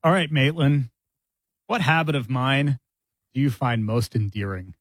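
A man's voice: medium pitch, a little slow, no room sound. A man teasing his co-workers in a casual group chat in a wry tone.

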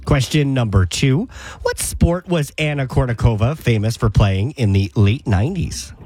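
A man's voice: medium pitch, animated, normal speed, a little mellow, faint music behind. A man hosting a morning radio quiz, upbeat and sick. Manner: upbeat quizmaster. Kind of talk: radio game show hosting.

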